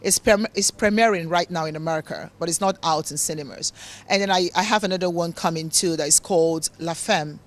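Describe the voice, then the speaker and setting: A woman's voice: lowish voice, brisk. A woman from Nigeria with a mixed, hard-to-place accent, answering interview questions as a motivational speaker and author. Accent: mixed accent of English, African and Italian tones. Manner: earnest, preachy, repeats words for emphasis.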